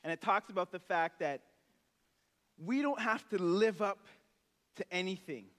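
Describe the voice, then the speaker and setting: A male pastor delivering a relaxed, conversational sermon in a church sanctuary. His voice sits high, and the reverb of the large hall rings long after each phrase. He slips into short character voices while retelling a story. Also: measured pace.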